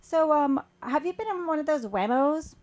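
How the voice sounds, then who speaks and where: Woman comic, rambling, halting, fillers, fairly high voice. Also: animated, a little mellow. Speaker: open mic comedian. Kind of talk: stand-up storytelling. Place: small comedy club.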